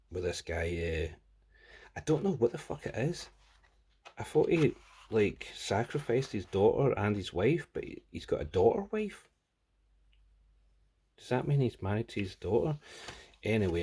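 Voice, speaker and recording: A man's voice: on the low side, warm tone, slightly rough. A man casually reviewing a comic book, rambling and crude with plenty of jokes.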